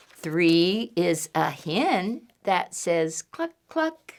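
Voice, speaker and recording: A children's librarian leads storytime in a bouncy, sing-song voice, swooping widely up and down in pitch and unhurried in her delivery. Her tone has a gravelly edge, and she spells out simple words and imitates animal noises for little listeners. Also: sing-song. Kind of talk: storytime reading to young children.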